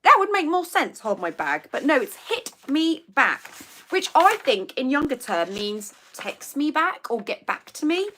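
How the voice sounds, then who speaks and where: A woman hosts a casual live quiz chat on a livestream, reading out viewer comments and laughing often in a chatty, giggly way. Her voice is high, bright and forceful, very animated yet unhurried.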